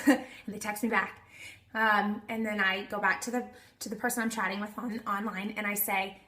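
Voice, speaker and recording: A woman's voice: on the high side, steady tone, moderate pace, pushed and bright, echoey room. A woman giving a casual how-to talk to her team, chatty and acting out the texts she sends. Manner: chatty, acts out her texts in quoted voices. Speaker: network marketing team leader. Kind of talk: casual instructional video talk.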